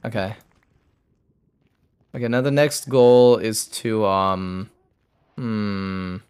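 A man's voice: fairly low pitch, fairly even intonation, extremely slow, darkish tone, smooth. A young man streaming a game, muttering a loose running commentary to himself as he plays. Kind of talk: live gameplay commentary.

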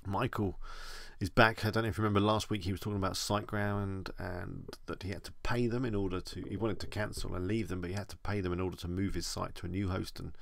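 A man's voice: sits low, steady tone, fast, creaky, hardly any pauses, dry recording. A man with an English accent, chatting casually as he answers viewer questions on a live stream.

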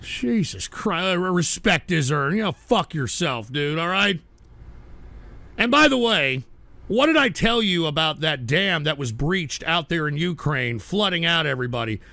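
Brief: male stream host, high gravelly voice, bright and dry, ranting at chat, erupts into shouts. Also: lively intonation, measured pace, no room sound. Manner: combative, swings from mutters to shouting. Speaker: livestream host reading chat. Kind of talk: angry livestream rant.

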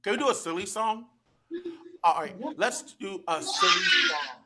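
A woman's voice: mid-range voice, sing-song, unhurried, very noisy. A woman leading an interactive children's storytime in a library, in a sing-song call-and-response manner that coaxes the children to join in. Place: public library storytime room.

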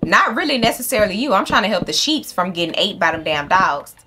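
This let's-play host is a woman with a mid-range voice who speaks fast and very animatedly over music. She talks right to her viewers in a chatty, profane way, even chatting with the game's animals.

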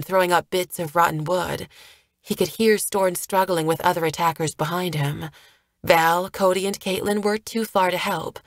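A woman narrating an audiobook chapter, reading a fast action scene in a steady storytelling manner. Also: fairly low pitch, no room sound. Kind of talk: scripted narration.

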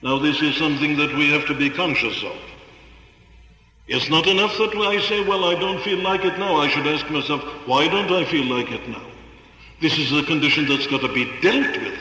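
A man's voice: on the high side, normal speed, sharp tone. Man preaching in an echoey hall. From Wales. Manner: earnest, rhetorical, with emphatic repetition. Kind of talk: sermon. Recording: echoey hall with long reverb.

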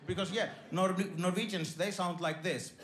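A man doing stand-up comedy on a theater stage, rambling and deadpan, with lots of fillers and restarts. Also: high voice, moderate pace.

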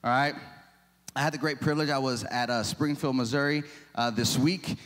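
A man's voice: medium pitch, fairly even intonation, normal speed, a bit bright, slight background noise. A man in his forties preaching a sermon, chatty and self-deprecating, with lots of rhetorical questions. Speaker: pastor. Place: church sanctuary. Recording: long reverb of a church hall.

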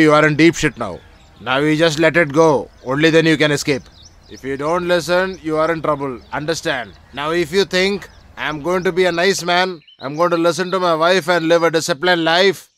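A man's voice: a little high, fairly bright tone, smooth, close to an everyday voice. A man voicing an irritable young man in a film dub, curt and threatening.

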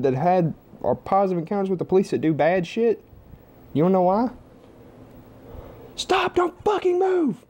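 A man's voice: high-pitched, dark tone. A young man at home giving a blunt, heavily profane opinion monologue to camera. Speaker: vlogger.

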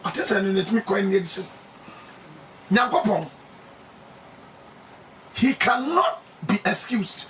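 High-voiced, animated Ghanaian preacher man. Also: unhurried, long pauses, distant mic, slight background noise. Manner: emphatic, laughing, bursts of shouting.

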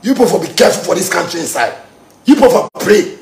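A man with a Ghanaian accent delivering a heated ranting monologue, lurching between shouting and low muttering. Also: very animated, fast, creaky, roomy sound. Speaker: musician.

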